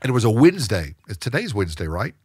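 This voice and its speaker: A man, a guest in an interview, telling his story in a lively way and acting out the people he quotes. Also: on the low side, quick pace, breathy edge, dry recording, studio quality. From United States. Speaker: guest, real estate investor.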